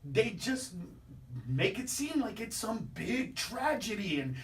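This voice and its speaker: A man comedian rants through his bits in a brash stand-up manner, jumping up into shouts for the punchlines. His voice sits a little back from the microphone in a radio studio. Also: high-pitched, very animated, slow pace, far from the mic. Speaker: comedian guest. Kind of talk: stand-up style radio chat.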